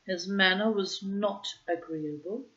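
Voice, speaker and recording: A woman narrates a short story in an unhurried, measured way. Her voice sits at a middling pitch. The recording sounds a little dull and muffled. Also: a bit bright. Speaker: reader.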